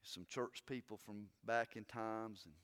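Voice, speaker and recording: A man preaching a sermon, swinging between loud urging and hushed, earnest talk. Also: on the low side, steady tone, a little slow.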